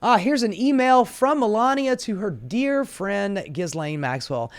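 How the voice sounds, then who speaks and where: A woman's voice: medium pitch, animated, unhurried, few pauses. A woman hosting a political commentary show, ranting in a sarcastic, profane way.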